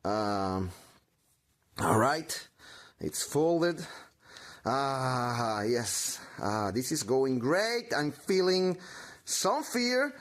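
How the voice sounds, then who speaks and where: Slow, theatrical man explaining a craft. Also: medium pitch, big pitch swings, a bit bright. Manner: melodramatic, talks to himself with mock anxiety; halting, many restarts. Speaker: craft tutorial maker.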